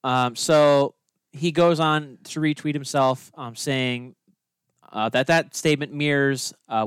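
A man's voice: mid-range voice, clear, resonant tone, no echo. A young man co-hosting a sports podcast, reading the news in a dry, exasperated way. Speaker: podcast co-host.

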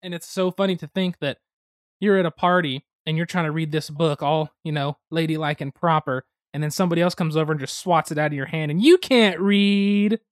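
A man from the United States, co-hosting a podcast, telling board-game stories in a lively, chatty way with sudden fast bursts. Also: on the high side, no echo, clean studio sound. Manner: animated storytelling, quick bursts of speed. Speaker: podcast co-host. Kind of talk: casual chat about board games.

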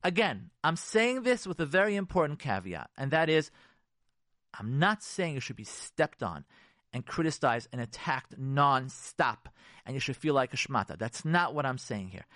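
A man's voice: medium pitch, sing-song, normal speed, a bit bright, dry recording, studio quality. A man, a rabbi, giving an emphatic radio talk on marriage. He repeats key phrases for force and drops Hebrew and Yiddish terms. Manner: emphatic and repetitive, preacherly.

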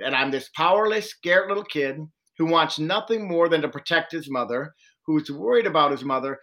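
A man telling a long personal story in an interview, earnestly acting out the voices of people he met. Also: fairly high pitch. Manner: earnest, animated retelling with quoted dialogue. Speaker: social worker and domestic violence trainer.

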